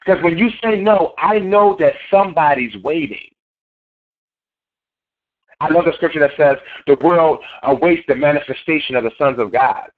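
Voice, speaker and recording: A man's voice: on the high side, lively intonation, moderate pace. A man giving a motivational sales training talk in an emphatic, preachy way, repeating his key phrases. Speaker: network marketing trainer. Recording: tinny phone line.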